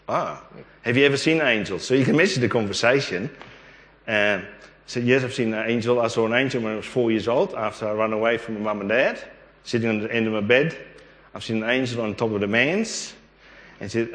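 Middle-aged Australian man, low voice, rambling animated storyteller, recorded in a reverberant hall. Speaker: interview guest. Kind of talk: storytelling testimony. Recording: echoey room with long reverb.

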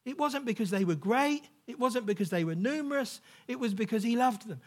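A man's voice: very high-pitched, lively intonation, brisk, darkish tone. A male preacher giving a sermon in a conversational, emphatic way, often checking in with the congregation.

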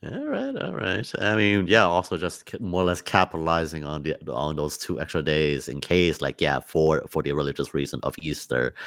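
Deep-voiced, rambling male podcast co-host. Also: fairly bright tone, no echo, clean studio sound. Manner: rambling, halting, lots of restarts and filler. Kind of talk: casual podcast chat.

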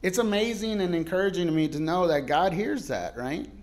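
Guest pastor, male, slightly higher voice, chatty sermon full of laughs and sudden loud cries. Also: animated, brisk. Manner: casual storytelling, laughs often, shifts loud and soft.

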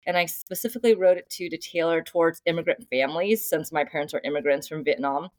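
A woman's voice: sits low, quick pace, no room sound. A young adult woman, a podcast guest and author, talking through her family life in an earnest, reflective way, with many fillers and restarts. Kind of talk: casual conversational interview.

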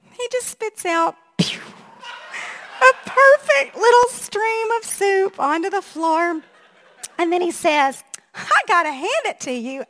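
A middle-aged woman pastor with a high voice delivers a sermon, animatedly telling funny stories about her family and laughing at herself.

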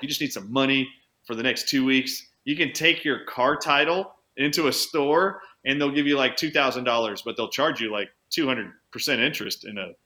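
Bright-voiced man telling a story. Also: medium pitch. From United States. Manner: animated anecdote-teller, speeds up and slows down for emphasis. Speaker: chiropractor, interview guest. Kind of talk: conversational storytelling.

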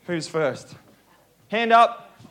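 A man's voice: high-pitched, lively intonation, drawn-out words, bright, forceful tone. A male pastor preaching a sermon in a conversational way, joking with the congregation.

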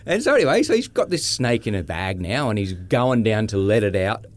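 A man's voice: lowish voice, sing-song, fairly quick. An Australian man telling a funny anecdote, laughing at his own tale. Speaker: regular storyteller. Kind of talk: animated anecdote.

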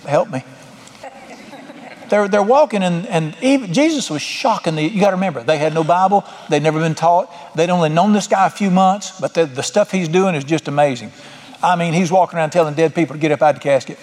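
Pastor, male, somewhat high voice, folksy conversational sermon, long reverb from the sanctuary. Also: a little mellow. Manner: folksy, conversational preaching with repeated "all right".

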